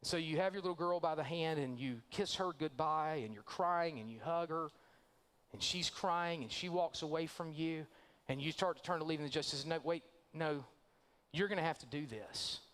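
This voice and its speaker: A male pastor delivering a sermon in a church, his voice sitting a little higher than most men's. He tells a long story and acts out the lines of each character, shifting his delivery for each one. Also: normal speed, fairly bright tone. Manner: storytelling, acting out quoted voices. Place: church sanctuary.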